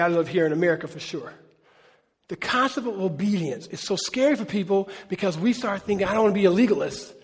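Preaching to his congregation in a big church hall, a pastor speaks in a very high-pitched voice that trails a long reverb. His style is lively and conversational, and he keeps asking the crowd questions.

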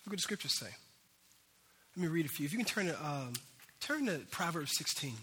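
A man preaching a sermon as a pastor, telling a story in an animated way that swings between loud bursts and hushed moments. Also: fairly high pitch, brisk, a little hiss or hum. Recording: hall reverb.

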